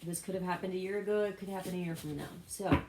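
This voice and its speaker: A woman's voice: on the low side, fairly even intonation, fast talker. A woman giving a casual spiritual tarot reading, rambling with loose asides and self-interruptions. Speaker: tarot reader. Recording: echoey room with loud background noise. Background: card shuffling clicks.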